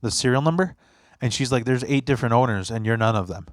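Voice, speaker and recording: A young podcast host with a mid-range voice talks fast, and the studio sound is clean with no echo. In casual chat he tells stories animatedly, acting out quotes and swearing freely.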